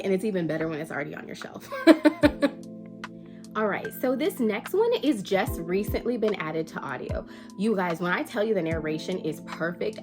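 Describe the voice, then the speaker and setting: A woman with a stuffy, nasal voice from allergies, chatting casually and playfully to her viewers about her book collection, with the odd swear word. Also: mid-range voice. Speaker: book vlogger. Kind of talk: casual chat to camera.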